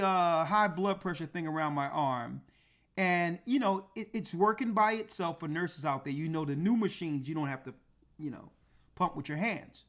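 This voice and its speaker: A man telling a personal story in a casual, emphatic way, acting out the people in it. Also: high voice. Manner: animated, emphatic, acts out dialogue. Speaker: church elder and show host.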